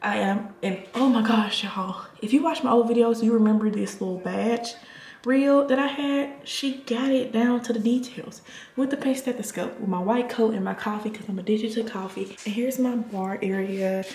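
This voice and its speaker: A woman's voice: a little high, normal speed, darkish tone. A woman in her twenties touring her apartment in a casual vlog, chatting to viewers as y'all. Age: 20s. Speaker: nurse vlogger. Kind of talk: casual home tour vlog. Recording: echoey room with faint noise.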